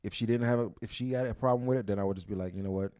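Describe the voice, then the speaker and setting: A man's voice: lowish voice, racing, mellow, no room sound, studio quality. A middle-aged man from Brooklyn, a comedian chatting as a podcast guest in a laid-back, joking way with short answers. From Brooklyn, New York. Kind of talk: casual conversation.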